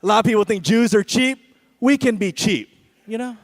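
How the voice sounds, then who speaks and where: A man's voice: sits high, normal speed. A man doing a stand-up comedy set at an awards show, with a sarcastic, punchy delivery and frequent "right?" asides.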